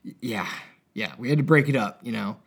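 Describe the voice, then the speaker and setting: A man's voice: mid-range voice, brisk, vocal fry, husky. Rambling, sleepy man co-hosting a podcast. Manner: lively, rambling, lots of fillers. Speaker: podcast co-host. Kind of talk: casual chat.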